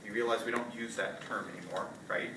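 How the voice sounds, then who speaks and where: Man, bright forceful voice, casual lecture, quizzes the class, distant mic in a roomy hall, faint room noise. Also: on the low side, fairly even intonation, a little fast. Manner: casual, quizzing students with frequent "right?". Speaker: college zoology lecturer.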